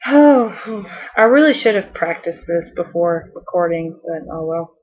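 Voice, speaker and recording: A woman's voice: lowish voice, lively intonation, unhurried, breathy edge, muffled recording. A woman vlogging a casual fan countdown, bubbly and rambling, with lots of fillers and little giggles.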